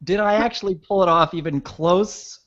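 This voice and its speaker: A man's voice: high-pitched, moderate pace. Man hosting a casual podcast. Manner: relaxed, reading out listener comments. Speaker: podcast host. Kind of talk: casual chat. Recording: dull lo-fi podcast audio.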